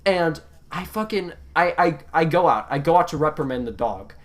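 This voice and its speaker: A young man hosting a podcast, telling stories in a casual, profane and animated way that swings from mumbling to yelling. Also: a little high, moderate pace. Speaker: podcast host.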